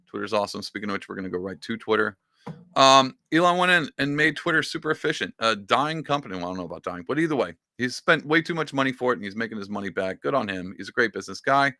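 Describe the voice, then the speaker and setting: A man hosts a casual political commentary show and rants in an excitable, sarcastic way, his pitch jumping high and then dropping back. His voice is bright and forceful, recorded close and dry. His pitch sits in the ordinary middle range. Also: fast talker, dry recording. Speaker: podcast host.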